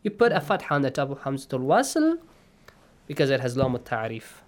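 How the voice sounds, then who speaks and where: A man teaching Quran recitation rules. He explains patiently, checks in with his students, and chants verses in a slow, stretched way. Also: mid-range voice, huge pitch swings. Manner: patient, checks in often with "okay?" and "yes?". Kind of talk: online class, explaining and reciting.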